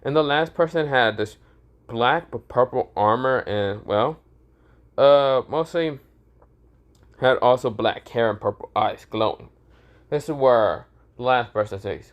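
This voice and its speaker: A man's voice: mid-range voice, animated, unhurried. A young man narrating a fan story casually, with many fillers and self-corrections.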